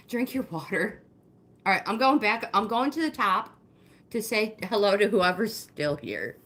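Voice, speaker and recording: A middle-aged woman hosts a fitness livestream of a walking workout, chatty and encouraging, calling viewers by name and slightly breathless. She speaks at normal speed in a medium, a-bit-bright voice with big pitch swings, recorded with a little hiss or hum and roomy indoor echo.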